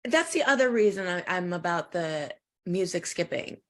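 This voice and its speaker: A woman's voice: fairly low pitch, lively intonation, moderate pace. A woman co-hosting a podcast in casual chat, talking with hesitant restarts and the occasional pointed aside. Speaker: podcast co-host.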